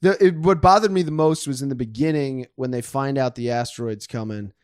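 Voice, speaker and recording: An American man on a podcast in casual chat, speaking low-key and trailing off quietly. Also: fairly quick, clear, resonant tone, no room sound, studio quality.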